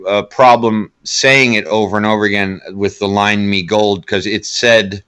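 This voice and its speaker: A man co-hosting a casual film review podcast. He talks in a low voice, halting and restarting as he recaps, with dry humor along the way. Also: steady tone, a bit bright, smooth. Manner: halting, many fillers and restarts, dry jokes. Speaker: podcast co-host.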